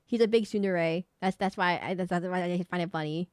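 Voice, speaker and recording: A woman's voice: on the low side, brisk, darkish tone, smooth, no room sound, studio quality. A woman streamer chatting casually as she ranks characters, rambling and correcting herself often. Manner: rambling, self-correcting, laughing. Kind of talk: casual live-stream commentary.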